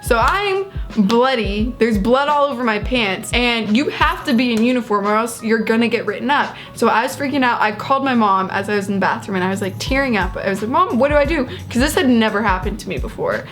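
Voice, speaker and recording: A woman's voice: on the high side, brisk, hardly any pauses, soft background music. A young woman in her twenties co-hosting a casual story time chat, telling it with animation. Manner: animated storytelling, quotes herself. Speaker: co-host.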